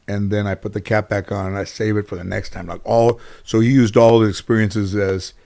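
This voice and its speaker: His voice is lowish with vocal fry, and he talks fairly quickly. Sitting for a casual interview, he spins long, filler-heavy anecdotes with frequent restarts, acting out the people he quotes with animation.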